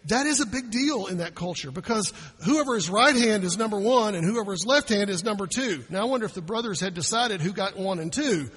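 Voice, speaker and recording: A man's voice: high-pitched, animated, a little fast, hardly any pauses, a bit bright, in a large hall. A male pastor preaching a sermon in a church, talking conversationally and acting out the people he quotes.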